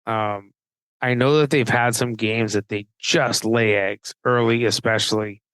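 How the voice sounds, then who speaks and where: A man co-hosting a casual hockey betting chat, talking haltingly and restarting his sentences often. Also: medium pitch, steady tone, fairly bright tone, smooth, dry recording, poor audio. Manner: halting, hesitant, many restarts. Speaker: podcast co-host, hockey writer. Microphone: remote call mic.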